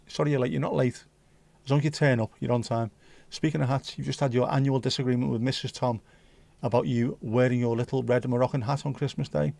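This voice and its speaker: A man's voice: medium pitch, steady tone, fairly quick, vocal fry, hardly any pauses, darkish tone, dry recording. A man hosting a casual livestream, reading out viewer comments with jokey banter and slipping into bits of Dutch and Spanish. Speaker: livestream host.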